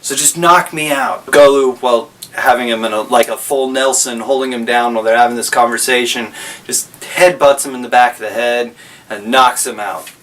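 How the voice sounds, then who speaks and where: A man's voice: mid-range voice, steady tone, moderate pace, a bit bright, recorded from a distance. A man casually recapping a story, rambling and correcting himself as he goes.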